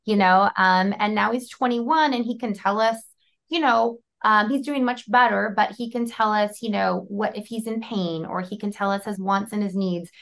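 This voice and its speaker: Woman interviewer, lively conversational storyteller. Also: medium pitch, moderate pace, gravelly. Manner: animated storytelling.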